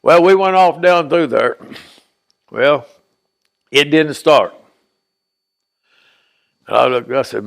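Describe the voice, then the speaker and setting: A man's voice: fairly high pitch, slow pace, gravelly, pauses often. An older man with a Tennessee accent, telling folksy stories in a rambling, colloquial way. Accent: Southern US, Tennessee. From Stewart County, Tennessee. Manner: rambling, colloquial, animated retelling. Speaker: interviewee. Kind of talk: folksy storytelling.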